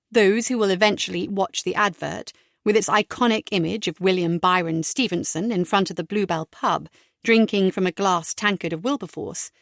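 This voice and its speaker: A woman reads a mystery audiobook in a measured, clear way at a middle pitch. The studio sound is dry and close, with no room echo. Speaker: audiobook narrator. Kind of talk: scripted audiobook narration.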